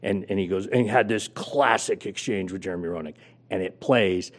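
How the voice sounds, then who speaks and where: A man's voice: low-pitched, a little fast. A middle-aged man telling a career story as an interview guest, acting out quotes with big jumps in his voice. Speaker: guest, former sports radio host.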